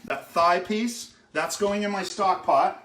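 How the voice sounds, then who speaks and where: A chef runs a relaxed live cooking demo from his home kitchen, talking with his audience and checking in with frequent "okay?"s. He speaks slowly in a high-pitched, fairly bright voice, with a roomy sound to the recording.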